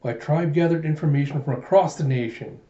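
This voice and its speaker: A man's voice: fairly quick, lightly acted. A man voicing a proud, sheltered young male dragon warrior who gets easily flustered, reading aloud from a manga. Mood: haughty. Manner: shrieks high and loud in panic. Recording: dull echoey room recording.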